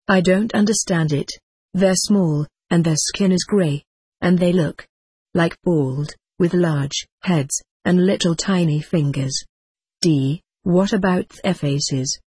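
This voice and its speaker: A woman reading a hypnosis session aloud, speaking each part in an even, measured narrating voice and reading the cues out. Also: lowish voice, slightly rough, dry recording. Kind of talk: audiobook narration.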